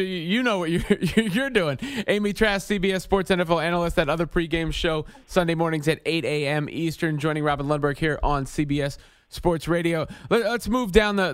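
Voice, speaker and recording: A man hosts a sports radio show from a studio, asking long conversational questions and often restarting his words. His voice sits a bit high and sounds smooth and resonant. The close studio mic keeps it dry. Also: dry recording.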